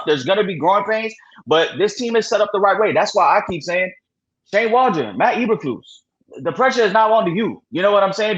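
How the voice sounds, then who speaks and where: A man co-hosting a casual sports podcast, talking in a relaxed way with lots of "you know". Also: sits high. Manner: relaxed, repeats filler phrases. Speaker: podcast co-host. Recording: dull lo-fi sound.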